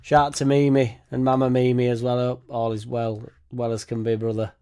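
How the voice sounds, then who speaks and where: A man's voice: mid-range voice, flat delivery, brisk, dark tone, clear, resonant tone. A young man hosting a casual fan livestream, laughing often, swearing freely and rambling as he reacts and thanks viewers. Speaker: fan channel host.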